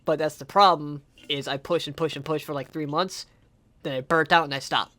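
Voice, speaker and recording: His voice is fairly high, bright and forceful as this young man reacts to a music video. Rambling and repetitive, he swears constantly and gets so emotional he's near tears, full of passion throughout.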